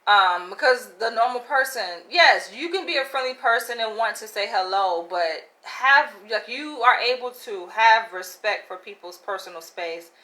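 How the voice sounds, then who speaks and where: A woman talks straight to her viewers in a casual, candid storytelling way, peppering her sentences with "like" and "right?". Her voice sits a little high and sounds bright and forceful, and she laughs easily as she goes. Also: animated, normal speed, few pauses, rough recording. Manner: chatty and candid, many "like" and "right?" asides, laughs often. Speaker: vlogger.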